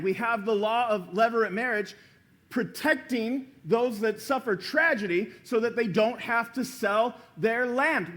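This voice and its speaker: A man delivers a church sermon in a fairly high voice. He tells the story with energy, slipping into little acted voices for the people in it. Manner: animated storytelling, acting out quoted voices. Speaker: pastor.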